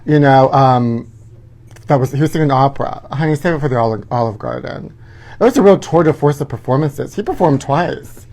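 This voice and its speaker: A campy man dishes gossip in a sassy, theatrical drawl, tossing out "honey" at every turn. His pitch sits in an ordinary middle range for a man, and he talks like a live show host chatting straight to his audience from home. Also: brisk, vocal fry, a little mellow. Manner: sassy, campy, keeps calling listeners honey. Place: indoors at his parents' house.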